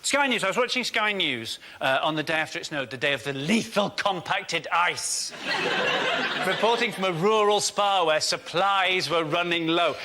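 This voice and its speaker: A man doing a stand-up routine on a TV panel show, ranting and shouting in mock panic. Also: high voice, lively intonation, moderate pace, slight background noise. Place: TV studio with a live audience.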